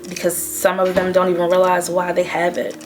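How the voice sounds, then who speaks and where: A woman speaking slowly and reflectively about her family. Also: fairly low pitch, completely flat delivery, faint music behind. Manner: slow, reflective. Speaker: guest sharing her story. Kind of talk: personal testimony.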